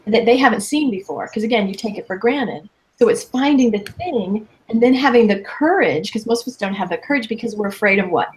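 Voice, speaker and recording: Guest coach, woman in her fifties, emphatic, conversational, energetic delivery. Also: medium pitch, a little fast, hardly any pauses. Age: 50s. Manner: lively, emphatic, quotes people in playful voices. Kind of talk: casual interview chat.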